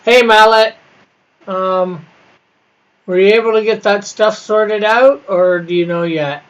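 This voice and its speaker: A man streaming his digital comic coloring, chatting casually with viewers in a halting way, often restarting and correcting himself. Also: high-pitched, dull audio. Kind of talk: casual livestream chat with viewers.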